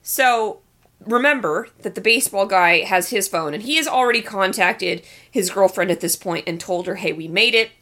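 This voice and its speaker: A woman co-hosting a podcast, opinionated and animated in a casual film discussion. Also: medium pitch, normal speed. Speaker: podcast co-host.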